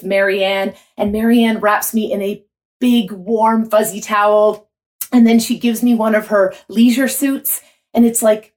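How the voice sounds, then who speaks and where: A woman telling a vivid personal story to an audience, in an animated way. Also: a little high.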